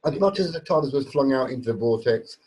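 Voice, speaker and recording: A man co-hosting a casual podcast, with a husky, mid-pitched voice. He talks hesitantly and keeps pausing to search for his words. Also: expressive, a little mellow. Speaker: podcast co-host.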